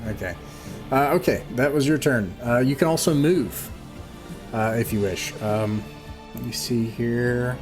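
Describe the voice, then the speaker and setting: A man narrating as game master of an online tabletop game, halting and full of fillers and restarts. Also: medium pitch, over music.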